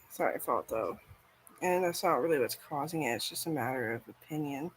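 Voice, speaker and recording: A woman's voice: deep voice, lively intonation, fairly quick, slightly rough, rough recording. Rambling, foul-mouthed woman vlogger. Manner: rambling, profane, frequent "like". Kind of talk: casual rambling chat.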